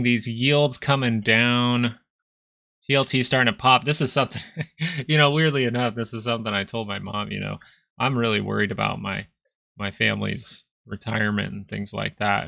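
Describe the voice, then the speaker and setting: A man's voice: mid-range voice, little pitch movement, unhurried, vocal fry, long pauses, sharp tone, no echo, clean studio sound. A young man hosting a stock market livestream, chatting casually and loosely while out of breath. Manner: loose, rambling, slangy.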